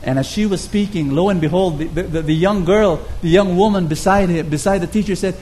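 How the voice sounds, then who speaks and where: A man's voice: a little high, fairly quick, hardly any pauses, dark tone, slight background noise. A man preaching a sermon, telling a story earnestly and often repeating words as he goes.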